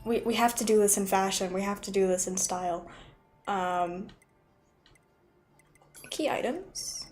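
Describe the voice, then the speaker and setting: A woman's voice: mid-range voice, unhurried, a little mellow, soft background music. A young woman chatting and giggling as she plays through a video game on a livestream. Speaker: streamer. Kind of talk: casual gameplay livestream.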